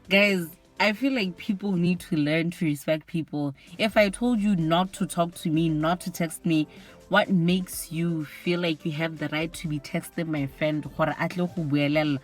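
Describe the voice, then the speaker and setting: A woman's voice: low voice, normal speed, faint music behind. A young woman telling a personal story to camera in a candid, exasperated way, with plenty of "like". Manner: candid, exasperated, often says "like". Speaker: vlogger.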